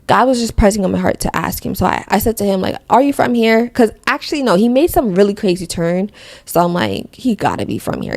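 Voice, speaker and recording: A woman's voice: medium pitch, gravelly, darkish tone, dry recording. A young woman from Connecticut hosting a podcast, telling a personal faith testimony in a rambling, self-correcting way. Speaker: podcast host.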